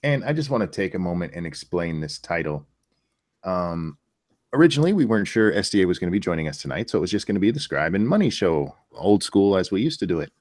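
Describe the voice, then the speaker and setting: A young adult man hosting a casual livestream chat, telling animated stories and talking over cohosts. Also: sits low, fast talker. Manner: animated storyteller, acts out voices in anecdotes. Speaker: podcast host.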